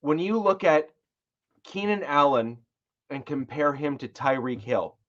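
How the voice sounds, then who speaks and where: A man's voice: a little high, measured pace, fairly bright tone, dull audio. A man co-hosting a sports podcast, rambling through his points with frequent restarts. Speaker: podcast co-host. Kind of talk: casual sports chat.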